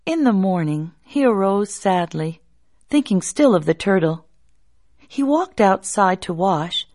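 A woman telling a folk tale in an expressive, drawn-out way, hushing at tense moments. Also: medium pitch. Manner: expressive, drawn-out, hushed at suspense. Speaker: storyteller.

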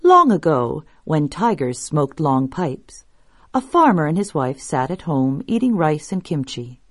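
A woman reading folktales aloud as a storyteller, measured and expressive. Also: deep voice, no room sound, studio quality. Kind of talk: scripted narration of folktales.

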